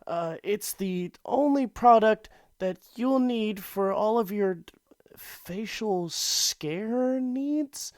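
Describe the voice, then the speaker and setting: A man's voice: slow, no room sound, studio quality. A man doing a panicky stammering intern. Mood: nervous pleading. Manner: stammering, pleading, flustered ad pitch. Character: panicky young male intern pitching acne cream. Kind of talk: comedic fake commercial skit.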